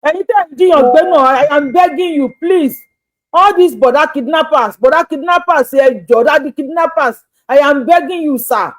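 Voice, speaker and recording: A high-pitched Nigerian woman speaks directly to her viewers in an urgent plea. She begs again and again, racing through some lines and drawing others out slowly. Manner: pleading, begging, repetitive; shifts between fast talk and slow drawn-out appeals. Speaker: social media creator. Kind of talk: impassioned plea to camera.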